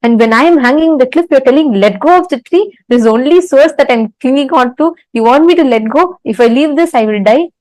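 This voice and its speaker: A woman's voice: high-pitched, animated, a little fast, hardly any pauses, darkish tone, no echo, poor audio. A woman voicing a frightened man who clings to a branch and argues with God, in a story she tells during a spiritual talk. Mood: pleading. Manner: pleading, then arguing in an angry rush.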